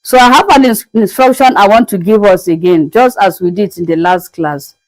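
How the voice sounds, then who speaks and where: A woman teaching a French lesson, speaking slowly and repeating each word carefully for her learners. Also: medium pitch, dry recording, low-quality recording. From Nigeria. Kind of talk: classroom language lesson.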